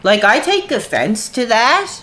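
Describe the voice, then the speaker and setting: A man in his thirties chatting on a gaming livestream, irritable and quick to anger, saying "dude" all the time. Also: extremely high pitch, wildly swooping pitch, sharp tone, soft background music. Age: 30s. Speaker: streamer. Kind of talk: casual gaming livestream chat.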